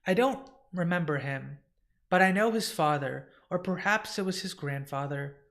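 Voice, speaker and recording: Guy reading a frail sweet old lady, soft and apologetic, slightly high voice. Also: normal speed, creaky. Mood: tender. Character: frail, gentle, elderly English woman.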